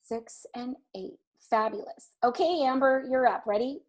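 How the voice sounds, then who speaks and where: A woman's voice: fairly high pitch, moderate pace, rough recording. A woman moderating a video call panel, upbeat and encouraging as she directs the talk. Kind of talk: casual video call chat.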